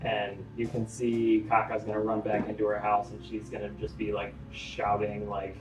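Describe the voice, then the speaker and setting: A man's voice: on the low side, completely flat delivery, normal speed, reverberant, music in the background, low-quality recording. A man as game master narrating a tabletop game in a casual, rambling way. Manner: casual, filler-heavy narration.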